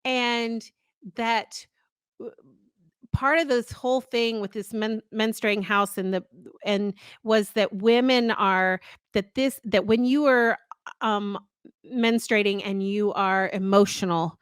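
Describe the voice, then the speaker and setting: A woman's voice: mid-range voice, steady tone, takes it slowly, clear, resonant tone, no echo. An earnest middle-aged woman tells a long personal story in casual podcast chat. She rambles and restarts her sentences a lot. Her voice is dry and close, with no room sound. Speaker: podcast co-host.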